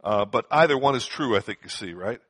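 Male Bible teacher, mid-pitched, conversational, emphatic repetitions, dry close sound. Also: animated, fairly quick, fairly bright tone, no room sound. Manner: conversational, repeats words for emphasis; frequent fillers and rhetorical questions.

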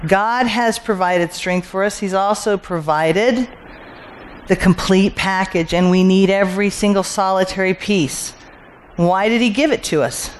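Slow-talking bible teacher, asks questions then answers them, faint hum behind. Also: mid-range voice. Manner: repeats key phrases for emphasis.

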